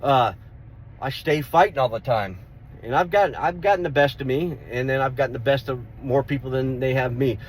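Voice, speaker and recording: A middle-aged man telling a street fight story in a casual vlog, rough-spoken, swearing and repeating himself as he goes. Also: medium pitch, a little fast. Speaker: vlogger.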